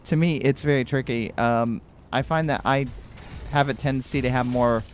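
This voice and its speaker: Guy from connecticut chatting while he games, mid-pitched, lots of ums and restarts, faint hum behind. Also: moderate pace. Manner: rambling, chatty, many restarts. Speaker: gaming streamer. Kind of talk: casual let's-play commentary.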